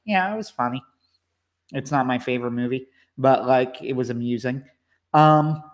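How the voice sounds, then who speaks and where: Hesitant, rambling man in casual chat. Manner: hesitant, rambling, lots of fillers, wry and low-key. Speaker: co-host, movie commentator.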